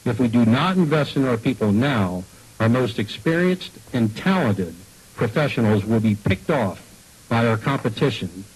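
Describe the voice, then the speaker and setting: A man's voice: mid-range voice, lively intonation, normal speed, breathy edge, rough recording. A man reading a rallying, speech-like prepared statement to a state board about education funding.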